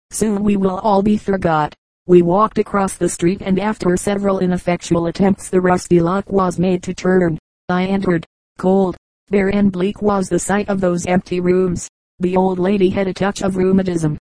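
A woman reading an audiobook in a measured, even narration. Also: lowish voice, no echo, rough recording. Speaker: audiobook reader. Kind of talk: scripted narration.

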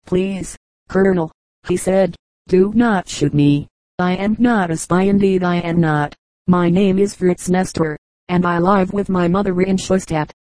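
A woman's voice: on the low side, steady tone, measured pace, a little mellow, dry recording, close to an everyday voice, low-quality recording. A woman reading the part of a frightened young boy trying to speak firmly in a storybook.

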